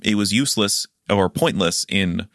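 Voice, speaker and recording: Podcast co-host: man with a deep gravelly voice, loose halting delivery. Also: a bit bright, dry recording, clean studio sound. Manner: halting, many fillers and restarts. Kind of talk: casual book discussion podcast.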